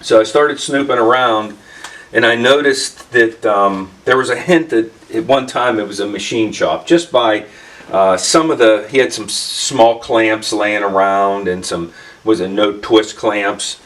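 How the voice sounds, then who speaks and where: A man's voice: lowish voice, measured pace, fairly bright tone, far from the mic. A man hosting a casual vlog, telling a story in a rambling way with many fillers and restarts in his workshop. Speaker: channel host.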